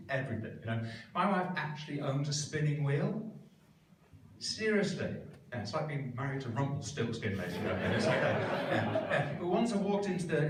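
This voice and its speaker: Dry middle-aged male stand-up comedian. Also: mid-range voice. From Wales. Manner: dry, self-mocking, punchy delivery to a crowd. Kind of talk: live stand-up set. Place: comedy club stage. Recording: echoey room, distant mic, noisy. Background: crowd laughter and room ambience.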